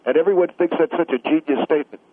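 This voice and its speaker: Guy doing a pushy argumentative caller, kinda high and husky, muffled line. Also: racing, dry recording, lightly acted. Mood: combative. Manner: argumentative, badgering. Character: combative pestering male caller.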